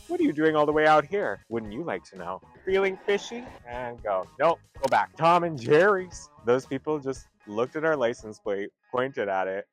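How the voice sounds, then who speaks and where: Campy, pun-loving male travel vlogger. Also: on the high side. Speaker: travel vlog host. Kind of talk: comedic travel vlog. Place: outdoors at roadside attractions.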